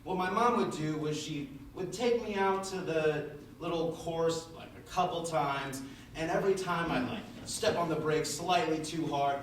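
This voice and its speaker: A man's voice: fairly high pitch, normal speed, very echoey, slight background noise. A young man giving a class presentation, telling a story casually with lots of filler words, recorded from far off in a classroom. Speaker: student presenter. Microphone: far room mic.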